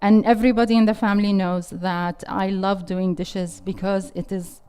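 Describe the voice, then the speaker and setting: Speaking at a medium pitch with little rise and fall, this middle-aged parenting instructor has a dark, clean tone and a normal pace. She leads an interactive workshop in a classroom, repeating audience questions back and offering encouragement to the live crowd.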